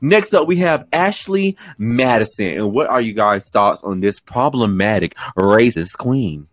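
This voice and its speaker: A man's voice: lowish voice, animated, unhurried, no echo, studio quality. A man co-hosting a podcast in casual chat, given to dramatic mock-angry rants. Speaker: podcast co-host.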